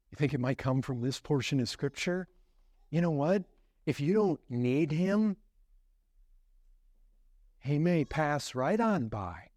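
A male pastor with a high voice preaches with strong emphasis, firing off urgent questions and then dropping to a hushed tone. The recording is dry and close. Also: animated, slow pace, long pauses, dry recording. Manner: emphatic, swings from loud to hushed. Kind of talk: sermon.

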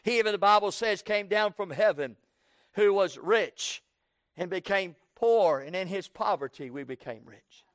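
A man's voice: lively intonation, normal speed, dry recording, studio quality. A man preaching an evening sermon, repeating lines in rhythm and calling for "Amen" from the congregation. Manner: call-and-response preaching, asks the congregation "Amen?"; rhythmic repetition, rising to a fervent pitch.

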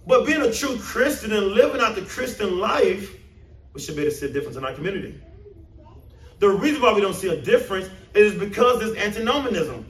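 A man preaching a sermon to a congregation, emphatic and animated, asking the room questions. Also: sits high, brisk. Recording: roomy echo, mic at a distance.

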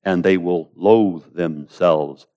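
Guy doing a low hushed god voice, slow n solemn, talking to the prophet. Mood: solemn assurance. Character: the Lord God speaking to the prophet, calm, assured.

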